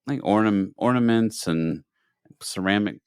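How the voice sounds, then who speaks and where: Male podcast co-host, low voice, animated storyteller who voices the people he quotes, dry recording. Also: measured pace, clean tone, dry recording. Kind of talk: casual storytelling chat.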